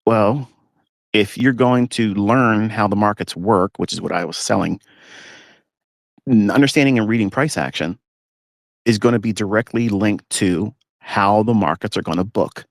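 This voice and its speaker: Blunt ranting man, low dry voice. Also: moderate pace, gravelly, no room sound. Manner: blunt, ranting, mocking rivals in put-on whiny voices. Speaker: trading mentor. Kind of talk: live social media audio talk. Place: inside a parked pickup truck.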